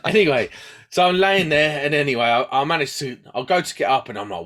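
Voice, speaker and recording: A fast-talking man with a fairly high pitch shares a story as co-host of a podcast. He's animated in this casual chat, doing the voices of people he quotes and laughing at himself.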